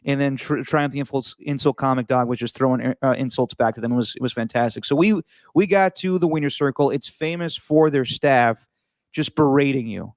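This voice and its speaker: A man hosting a podcast, telling a travel story in a casual, animated way with frequent restarts. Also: mid-range voice, fairly quick, no room sound. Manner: animated, repeats words and restarts while telling stories. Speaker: podcast host.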